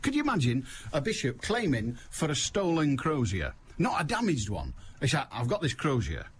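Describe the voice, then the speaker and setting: A man's voice: on the high side, wildly swooping pitch, normal speed, a little hiss or hum. A man hosting a call-in radio show, talking in a wry, digressive, jokey monologue. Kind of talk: rambling comic monologue.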